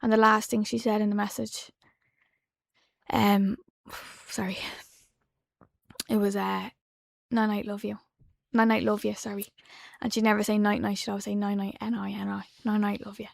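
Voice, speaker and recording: Irish woman in her 20s, gravelly flat voice, halting and hushed, dry close sound. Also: mid-range voice, no echo. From Ireland. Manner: soft-spoken, halting, drops to a hush when recalling. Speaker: podcast guest. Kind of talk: emotional personal account. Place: podcast studio.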